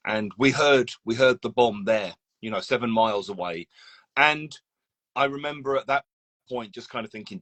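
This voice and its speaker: A man hosts a live interview over a phone video call. His voice is of average pitch, and he affirms his guest often. He restarts and reframes his questions as he talks. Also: moderate pace, a bit bright. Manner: attentive, frequent agreeing and restarts. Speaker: host.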